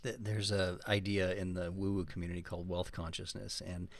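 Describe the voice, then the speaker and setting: Lower-voiced male co-host, explaining. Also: level tone, a little fast, no room sound. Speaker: podcast co-host, self-help author. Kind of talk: casual podcast chat.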